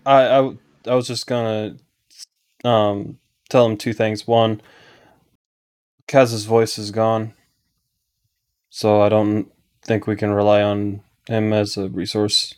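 A man playing a tabletop role-playing game, speaking in character in a plain, measured way. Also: fairly low pitch, flat delivery, a little mellow, clean tone. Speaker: player.

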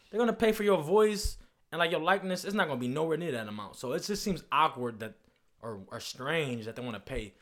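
A man's voice: fairly high pitch, fairly quick, fairly bright tone. A young man co-hosting a podcast, talking in loose, profane banter full of fillers. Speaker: podcast co-host. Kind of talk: casual chat.

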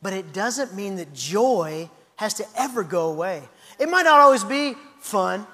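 High-voiced pastor preaching in a hall. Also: male voice, a little slow. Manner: lively, anecdotal, frequent restarts. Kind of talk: sermon.

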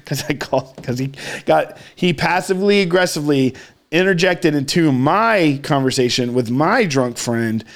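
A man's voice: a little high, animated, normal speed. A man telling a rambling, profane story in casual chat as a podcast co-host. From Austin, Texas area.

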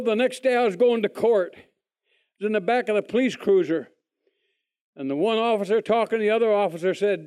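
A man telling his testimony in a folksy, animated way, acting out other people's lines. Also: high-pitched. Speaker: speaker giving a testimony. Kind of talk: testimony storytelling.

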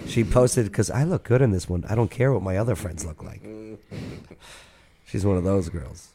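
A man's voice: fairly low pitch, normal speed, warm tone, slightly rough. A man hosting a casual reaction chat, joking and rambling with laughs and restarts. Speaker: host.

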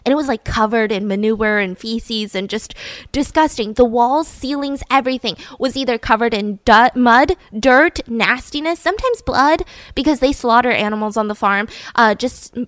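A woman hosting a podcast, telling a true-crime story in a chatty, animated way, full of fillers. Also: a little high, normal speed, no room sound. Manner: chatty, animated, frequent fillers and acted-out quotes. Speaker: podcast host.

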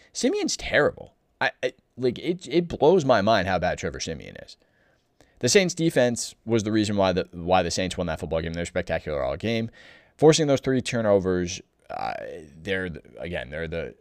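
Male sports talker, blunt and exasperated, animated pitch, dead-dry recording. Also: no echo. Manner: blunt and animated, frequent restarts and exasperated outbursts. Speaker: sports commentator. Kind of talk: opinionated sports talk monologue.

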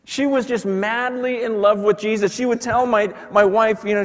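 A man, a pastor, preaching a sermon and telling a story in quoted voices, swinging from hushed to loud. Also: high-pitched, fairly even intonation, normal speed. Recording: long hall reverb.

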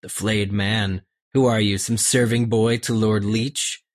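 A man reading aloud and voicing a grown male soldier in a plain, measured voice. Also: on the low side, level tone, close to an everyday voice. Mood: suspicious. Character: gruff grown male soldier, suspicious then moved.

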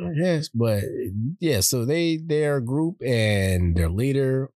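A man's voice: medium pitch, lively intonation, slow, darkish tone, no echo. Joking New man on a podcast. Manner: joking, retelling news with slang. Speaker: podcast co-host. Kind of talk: casual chat.

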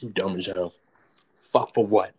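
A man's voice: unhurried, slightly rough. Young man telling a profane story. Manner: animated, profane storytelling with raised-pitch quotes. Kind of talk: casual storytelling chat.

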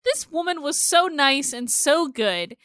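A woman co-hosting a casual chat, animated and quick to swear while reacting to a TV show. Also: sits high, no room sound, clean studio sound. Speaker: podcast co-host.

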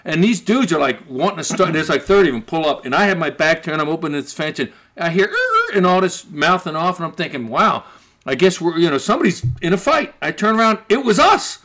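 A man's voice: fairly high pitch, fast talker. A man telling a story to friends in casual, profane chat, acting out what people said. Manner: animated, profane, acts out quoted voices.

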